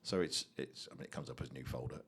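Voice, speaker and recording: A man casually walking through a software tutorial, chatty and thinking aloud. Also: a bass voice, quick pace, husky. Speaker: tutorial host.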